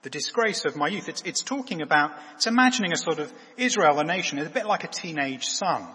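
Man preaching softly in an echoey hall. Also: animated, breathy edge. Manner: halting, repeats words, drops to a soft low voice. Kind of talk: sermon.

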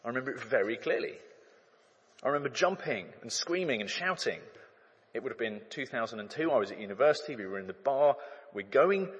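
A man preaches a sermon in a lively, swooping voice with a husky edge. He speaks casually and tells stories, acting out the crowd's shouts. His voice rings with the long reverb of a big hall. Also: medium pitch, a little fast, muffled recording. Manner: animated, conversational storytelling with acted-out crowd shouts.

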